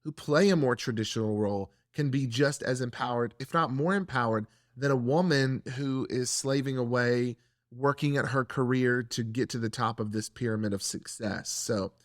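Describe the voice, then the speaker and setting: A man hosting a faith-based discussion, speaking in an earnest, measured and reflective way. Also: medium pitch, no room sound, studio quality. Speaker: church podcast host.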